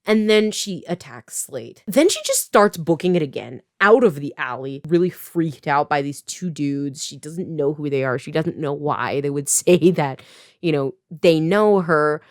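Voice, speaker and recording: Chatty woman in her twenties from Canada, lower voice with lively swings, close dry sound, sarcastic recap. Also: unhurried, no room sound. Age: 20s. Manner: chatty, filler-heavy, sarcastic asides. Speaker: writer and video creator. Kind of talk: casual plot recap to camera.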